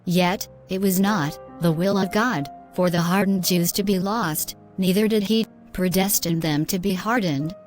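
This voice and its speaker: A woman's voice: fairly low pitch, a little slow, hardly any pauses, faint music behind. A woman giving a scripted, earnest devotional narration that urges listeners to keep going in their faith. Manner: earnest, exhorting. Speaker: inspirational narrator.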